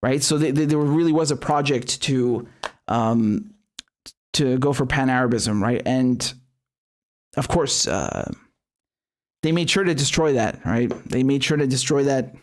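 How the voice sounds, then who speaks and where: A man's voice: mid-range voice, unhurried, long pauses. A man hosting a live stream, commenting bluntly with heavy swearing and many restarts, then reading viewer chats. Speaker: show host.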